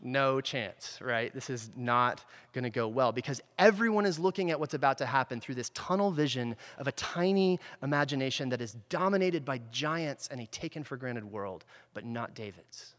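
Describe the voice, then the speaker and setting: A man's voice: mid-range voice, expressive, moderate pace, few pauses, fairly bright tone. A man preaching a conversational sermon, retelling a story in a casual way and often checking in with the listeners. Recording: long reverb from a large hall.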